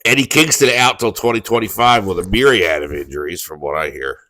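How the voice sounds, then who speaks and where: An older man with a lowish voice co-hosts a podcast. He talks in a loose, casual way, blunt and crude, and jokes as he goes. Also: brisk, sharp tone, no room sound. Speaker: podcast co-host.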